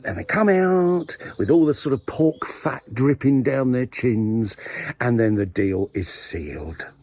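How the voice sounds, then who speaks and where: A man's voice: medium pitch, darkish tone, slightly rough. A man hosting his own video blog, rambling through a satirical, mock-serious monologue with playful asides, outdoors in a village graveyard. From England. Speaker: video blogger host.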